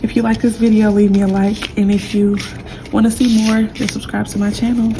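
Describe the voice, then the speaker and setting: A woman's voice: mid-range voice, level tone, a little fast, background noise. A young woman giving a casual tarot reading, chatty and emotional, talking straight to her viewers. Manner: chatty, warm and emotional, says y'all a lot. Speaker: tarot reader.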